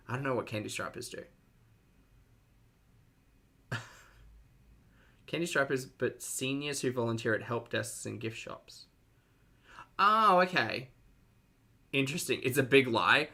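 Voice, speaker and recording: A man with an Australian accent gives live-stream reaction commentary in a sarcastic, chatty way. His voice sounds bright and forward, and he reads out messages from viewers as he goes. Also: mid-range voice, gravelly.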